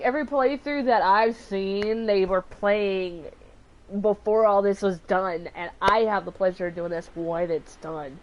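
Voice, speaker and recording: Southern lady doing gaming commentary, chatty and gushing, middle pitch. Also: darkish tone, low-quality recording. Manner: chatty, effusive. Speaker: let's play host.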